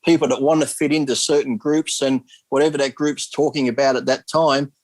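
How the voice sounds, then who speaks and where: A man's voice: medium pitch, steady tone, fairly quick, no echo. A man on a video call, telling rambling stories in casual chat and swearing freely. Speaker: guest.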